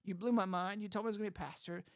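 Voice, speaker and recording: A young adult man speaking as an interview guest, animated and quick to laugh. He acts out what others said to him as he goes. The sound is dry and close. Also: sits high, no echo. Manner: animated, laughs often, quotes others in voices. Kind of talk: casual storytelling.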